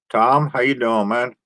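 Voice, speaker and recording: A man hosting a casual live stream, greeting viewers one by one and chatting about his day in a relaxed, folksy way with frequent sighs. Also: mid-range voice. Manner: homespun rural speech. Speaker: livestream host.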